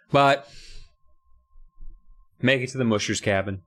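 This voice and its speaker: A man's voice: takes it slowly, pauses often, a bit bright. A man co-hosting a podcast, casually and jokingly recapping a book with profanity. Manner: joking, profane, acts out characters with big pitch jumps. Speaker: podcast co-host.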